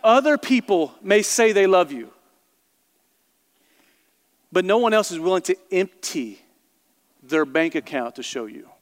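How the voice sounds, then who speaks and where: A male pastor with a high voice preaches with passion, repeating and stressing his phrases as he speaks straight to the congregation. His sermon rings through a large church hall with a long reverb tail. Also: expressive, unhurried, long pauses.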